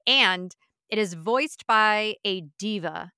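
A woman's voice: medium pitch, slow, bright, forceful tone, smooth, dry recording, clean studio sound. A woman co-hosting a podcast, chatting casually and laughing easily. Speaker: podcast co-host. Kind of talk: casual chat.

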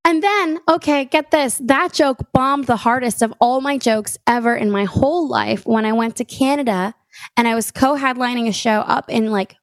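A woman in her thirties, a stand-up comedian, chatting casually as a podcast guest and telling profane, animated stories with acted-out bits. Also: on the high side, moderate pace, no echo.

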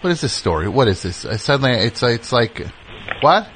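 A man's voice: big pitch swings, a little fast, background noise. A man hosting a call-in radio show who teases and interrupts his callers. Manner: teasing, interrupting, jumps high in pitch when joking.

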